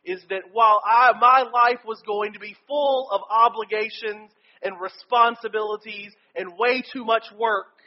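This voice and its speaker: A man's voice: high-pitched, steady tone, unhurried, few pauses, muffled recording. A male pastor giving a sermon and telling a personal story in an earnest way.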